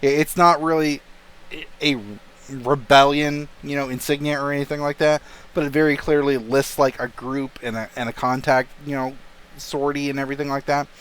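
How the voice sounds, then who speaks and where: Young man, game master, casual narration, mid-pitched voice, swears and laughs. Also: little pitch movement, normal speed, fairly bright tone, clear, resonant tone.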